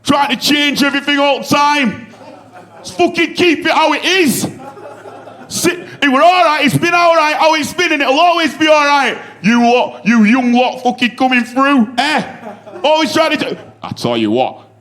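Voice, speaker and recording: A man voicing an angry older man ranting that things should stay as they were, in a strained shouting voice with a Yorkshire accent. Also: very high voice, expressive, moderate pace, voice pushed up. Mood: grumbling rant.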